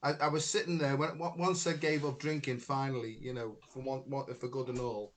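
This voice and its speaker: A man's voice: medium pitch, fairly even intonation, fairly quick. A middle-aged man, hosting a talk show and telling a long story in a rambling way, full of fillers. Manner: rambling, chatty, many fillers like "you know" and "right". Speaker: podcast host, spiritual healer. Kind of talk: casual conversation, storytelling.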